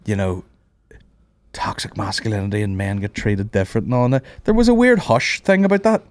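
A man's voice: lowish voice, lively intonation, fairly quick. A man chatting profanely and rambling in casual podcast banter. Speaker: podcast host.

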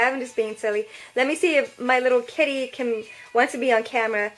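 A woman's voice: fairly high pitch, fairly even intonation, fairly quick, hardly any pauses, a bit bright, soft background music. A woman chatting casually to her viewers in a cutesy baby-talk way from her bedroom. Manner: bubbly and playful. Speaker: vlogger and martial arts student. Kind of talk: casual vlog chat.

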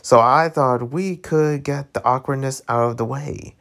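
Man voicing calm ex-boyfriend from a comic, plain everyday voice, unhurried delivery. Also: medium pitch.

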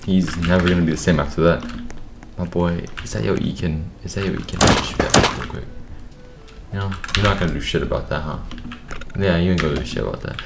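A young man giving rowdy, profane commentary over his own gameplay, excitable and quick to burst into shouting. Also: low voice, gravelly, loud music behind the voice. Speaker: gaming video creator. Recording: echoey room with keyboard clatter. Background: keyboard clicks and typing.

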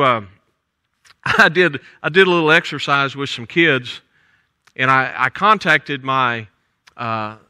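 In a church sanctuary, an older Southern US man delivers a folksy, conversational sermon, his phrases ending softly and trailing off. His voice is a little high, and the recording is dry.

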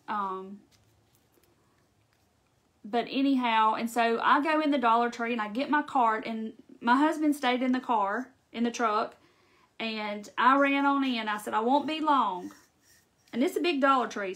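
A woman's voice: on the high side, fairly bright tone. A woman with a Southern American accent hosting a live craft tutorial, chatting in a folksy way straight to her viewers.

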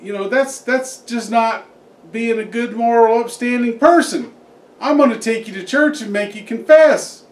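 A man voicing a moralizing father who lectures his son slowly. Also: extremely high pitch. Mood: lecturing. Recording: echoey room, distant mic.

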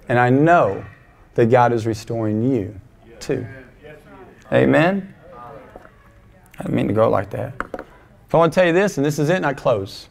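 A male pastor giving a passionate sermon to a congregation, swinging between emphatic highs and quiet, low asides. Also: creaky. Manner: passionate, emphatic preaching with wide swings in loudness. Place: church sanctuary before a congregation.

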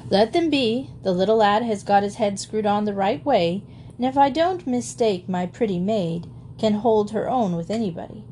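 A woman voicing a hearty, amused country gentleman who reassures his wife in a storybook. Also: medium pitch, normal speed, a little hiss or hum, natural voice. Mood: reassuring. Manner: reassuring, jovial.

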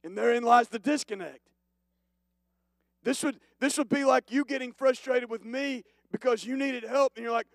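A male pastor preaching a sermon, moving from hushed, slow passages to loud, emphatic declarations. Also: very high-pitched, dry recording. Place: church.

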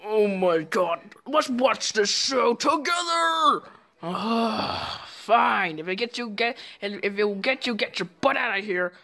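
A performer voicing an excitable pet dog in a home-made toy movie, gasping and shouting exclamations. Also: mid-range voice, takes it slowly, heavily acted. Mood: exasperated.

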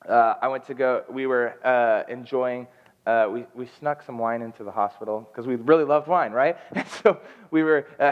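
Emotional young preacher in a reverberant hall. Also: male voice, fairly high pitch. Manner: emotional, animated storytelling. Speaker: guest preacher. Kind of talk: storytelling sermon. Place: church sanctuary. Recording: dull lo-fi sound with long hall reverb.

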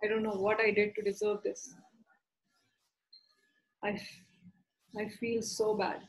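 A woman, an EFT practitioner guiding a tapping session with slow, repetitive affirmations for the listener to repeat. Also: medium pitch, completely flat delivery, low-quality recording.

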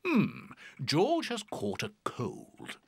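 An actor playing a kindly male bear doctor in a children's cartoon, with a soothing bedside manner and a husky, gravelly voice. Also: medium pitch, wildly swooping pitch, very slow, dry recording, clean studio sound, exaggerated voice. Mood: gentle. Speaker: cartoon character. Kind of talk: British children's cartoon voice acting.

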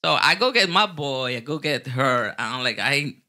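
A man with a Mexican Spanish accent tells stories in a loose, casual way, often restarting his sentences. His voice is very bright and forceful, and he sits at a middling pitch for a man. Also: normal speed. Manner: animated, restarts and repeats words, swears casually. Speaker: guest bartender. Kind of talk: casual storytelling.

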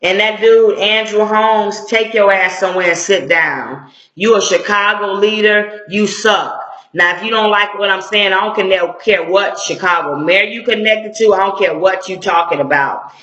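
A woman's voice: mid-range voice, normal speed, a bit bright. Blunt confrontational woman in echoey room. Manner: blunt, confrontational, slangy street talk. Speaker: civil rights activist. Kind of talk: impassioned video commentary. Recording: echoey room, dull lo-fi sound.

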